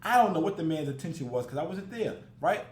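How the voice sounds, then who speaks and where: A man's voice: on the high side, animated, fast talker, echoey room, slight background noise. A man hosting a reaction video, giving casual, mocking commentary and swearing freely.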